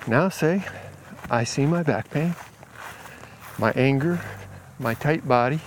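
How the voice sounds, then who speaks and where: Relaxed man telling a story outdoors. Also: medium pitch, slow pace, slight background noise. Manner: relaxed, retells conversations with quoted dialogue. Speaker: healing coach. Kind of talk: casual storytelling vlog.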